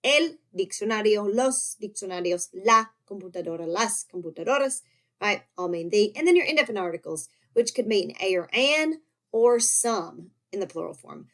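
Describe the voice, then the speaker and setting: A woman's voice: medium pitch, animated, normal speed. A woman teaching a recorded grammar lesson, explaining patiently and checking in often with "okay?" and "right?". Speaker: Spanish teacher.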